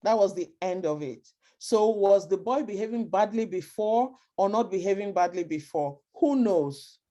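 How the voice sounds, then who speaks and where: A woman's voice: mid-range voice, animated, moderate pace, warm tone. A woman giving a storytelling talk about schooling, who poses rhetorical questions and answers them herself, and who often restarts and repeats words mid-sentence. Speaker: speaker on schooling and parenting.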